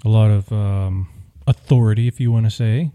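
Mellow-voiced man, playful podcast co-host. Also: on the low side, normal speed. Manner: playful, teasing, reassuring. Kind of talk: casual chat.

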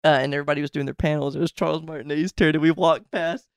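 A young adult man co-hosting a podcast, excitedly telling stories and laughing along in casual chat. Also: a little high, racing, vocal fry, clear, resonant tone, dry recording, studio quality. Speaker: podcast co-host.

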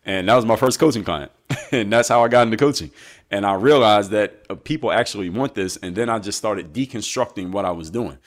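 A man, a guest and basketball coach, telling his story in a measured, reflective way during a conversational interview. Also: on the low side.

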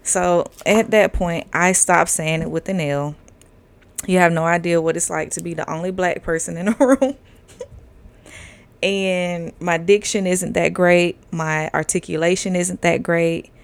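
A woman's voice: on the low side, measured pace, smooth. A woman in her thirties hosting a casual podcast monologue, candid and profane, laughing often and drifting through fillers. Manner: loose drawling delivery with fillers. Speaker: podcast host.

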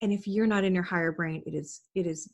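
A woman's voice: lowish voice, quick pace. A woman giving a parenting talk to camera, earnest and coaching, often asking the listener questions. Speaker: parenting educator.

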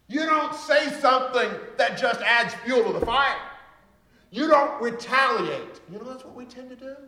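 A man teaching a Bible lesson in sermon style, moving between loud emphatic reading and a soft, lowered voice. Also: reverberant.

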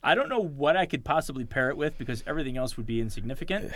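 Lively, laughing man co-hosting a podcast. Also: medium pitch, racing, no room sound. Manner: animated storyteller, laughs often. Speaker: podcast co-host. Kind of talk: casual chat.

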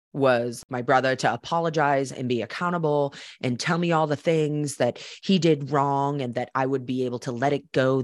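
A woman's voice: extremely low pitch, no echo, clean studio sound. Candid woman telling a personal story. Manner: candid and conversational, with casual swearing; reflective and earnest when drawing lessons. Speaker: podcast host.

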